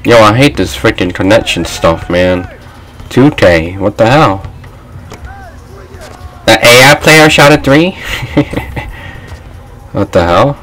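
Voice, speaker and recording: A young man giving loose, trash-talking commentary while he plays a basketball video game, often shouting at his teammates and the game. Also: lowish voice, slow, long pauses, poor audio. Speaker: gaming channel host. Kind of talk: live gameplay commentary.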